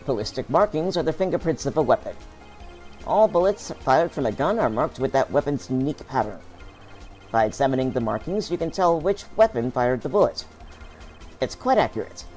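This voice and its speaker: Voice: medium pitch, animated, fairly quick, a little mellow, faint music behind, lightly acted. A streamer voicing an earnest young male defense lawyer while reading a video game's text aloud, in a near-plain voice. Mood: pressing.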